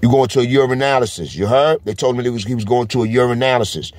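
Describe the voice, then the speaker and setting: A man's voice: mid-range voice, quick pace, darkish tone, no echo. A man with a New York accent, talking straight to camera in a casual vlog and driving each point home with a constant "you heard?". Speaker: vlogger. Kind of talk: casual street commentary.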